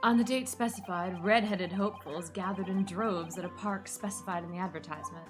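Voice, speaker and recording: A woman voicing a smug, scheming male French swindler with a put-on French accent, speaking in a theatrical, drawn-out way. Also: lowish voice, music in the background, pitched below the performer's own voice, lightly acted. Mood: boastful. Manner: theatrical, drawn-out, self-satisfied. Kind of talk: reading game dialogue aloud on stream.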